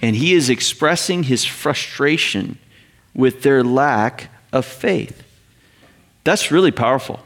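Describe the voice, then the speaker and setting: A middle-aged man preaching a sermon to his church in a conversational, animated way, often acting out the voices he quotes. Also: mid-range voice, takes it slowly. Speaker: pastor.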